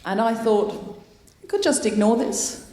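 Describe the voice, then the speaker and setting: A woman's voice: on the high side, animated, unhurried. A woman hosting a live comedy show on a theatre stage, talking wryly and laughing through her jokes. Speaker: comedy podcast host. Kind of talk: live stand-up comedy chat. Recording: echoey theatre, loud audience, noisy.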